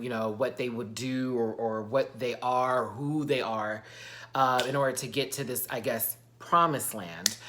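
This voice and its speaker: A man's voice: medium pitch, a bit bright. A man ranting through a TV recap in a sassy, campy, theatrical way. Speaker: TV recap vlogger. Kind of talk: animated TV recap rant.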